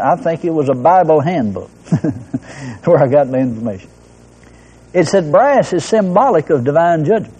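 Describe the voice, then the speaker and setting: A man preaching a sermon in an animated way, his voice jumping high when he drives a point home. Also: slightly rough. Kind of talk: recorded sermon. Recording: long hall reverb.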